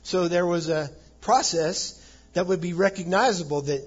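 Husky-voiced man preaching conversationally. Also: high-pitched, normal speed, lo-fi sound. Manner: explains scripture conversationally, acting out quoted lines with chuckles. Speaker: pastor. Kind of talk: sermon.

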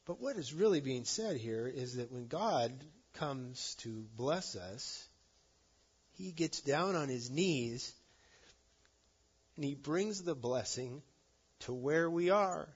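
Husky-voiced preacher giving a sermon. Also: male voice, lively intonation, slow, dull audio. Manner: earnest, swings from loud emphasis to soft low endings. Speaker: pastor.

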